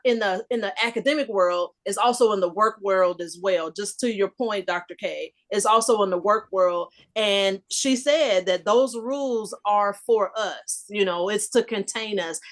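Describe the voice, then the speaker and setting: High-voiced animated woman in her fifties. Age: 50s. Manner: animated, emphatic storyteller. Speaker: discussion panelist. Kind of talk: casual group discussion, personal storytelling.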